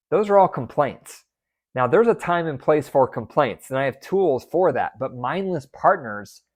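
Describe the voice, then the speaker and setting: A man hosting a marriage advice podcast as a therapist, talking with emphasis and often repeating key phrases. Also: mid-range voice.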